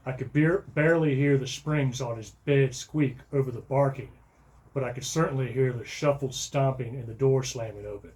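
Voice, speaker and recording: A middle-aged man with a voice of ordinary pitch reads his own funny story aloud. He keeps the telling dry and matter-of-fact, letting the events carry the humor. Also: moderate pace. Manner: dry storytelling, bursts into loud shouting for quoted lines. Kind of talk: first-person comic story reading.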